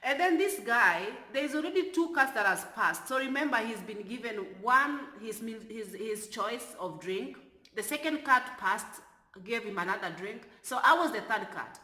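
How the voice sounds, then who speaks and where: A woman, a flight attendant, telling a story from work in an animated way that turns loud when she is exasperated. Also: a little high, normal speed, echoey room. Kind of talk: storytelling vlog.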